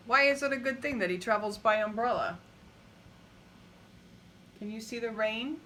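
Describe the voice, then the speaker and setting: A woman's voice: on the high side, normal speed, pauses often, sharp tone, a little hiss or hum. A woman reading a children's picture book aloud, stopping often to ask the listener questions. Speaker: storybook reader.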